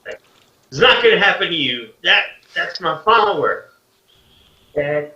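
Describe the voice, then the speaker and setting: A soothing, dutiful young daughter, as a game master puts her on in a tabletop game, pitched up and pleading. The voice is bright and sounds far from the mic. The room is echoey and the sound is muffled. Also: sing-song, a little slow, exaggerated voice. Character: kind young woman, a dutiful noble daughter. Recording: roomy, distant, dull lo-fi mic.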